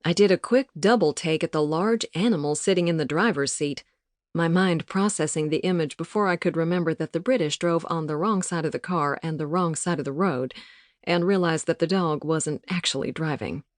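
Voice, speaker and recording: A woman narrates an audiobook in a calm, measured storytelling voice. Her pitch sits a little low, and the close studio recording is dry with no room sound. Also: dry recording. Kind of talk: scripted narration. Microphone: studio mic, close.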